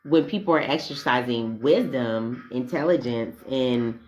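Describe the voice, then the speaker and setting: A woman's voice: very deep voice, unhurried, darkish tone. A woman vlogging in a blunt, profane, casual monologue that wanders off on tangents.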